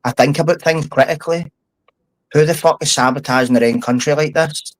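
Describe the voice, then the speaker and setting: A man's voice: a little high, a little fast, no echo, low-quality recording. Scottish man, podcast guest, blunt and fired up, swears a lot, dry close sound. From Scotland. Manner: blunt, heated, swears often. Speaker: podcast guest, former prisoner. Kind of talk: casual podcast chat.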